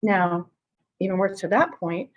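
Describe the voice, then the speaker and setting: A middle-aged woman leads a real estate training in an easygoing, talkative way. She circles back, restarts her sentences and acts out the calls she describes. Her voice sits at an ordinary pitch, and the recording sounds a little dull. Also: expressive, unhurried. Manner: chatty, repeats and restarts, acts out quoted callers. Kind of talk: conversational training talk.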